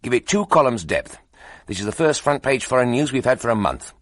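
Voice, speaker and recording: A man voicing a brisk, commanding newspaper editor who barks orders in quick bursts. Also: medium pitch, very animated, a bit bright, no room sound, clean studio sound, voice pushed up.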